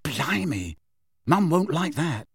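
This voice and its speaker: A man voicing a mischievous teenage boy with a cheeky, quick way of talking. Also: on the high side, sing-song, vocal fry, slightly rough, dry recording, studio quality, voice pushed up, heavily acted.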